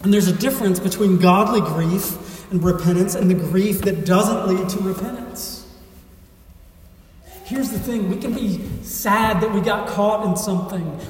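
Earnest preacher, high voice, echoing hall. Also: male voice, darkish tone. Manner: earnest, emphatic preaching with dramatic pauses. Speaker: pastor. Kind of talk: sermon with scripture reading. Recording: echoey hall, voice from far off.

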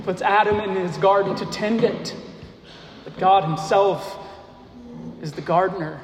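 Man preaching slowly in an echoey hall. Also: high voice. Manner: slow, deliberate preaching with rhetorical questions. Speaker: pastor. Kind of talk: sermon. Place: church sanctuary. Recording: echoey hall, faint noise.

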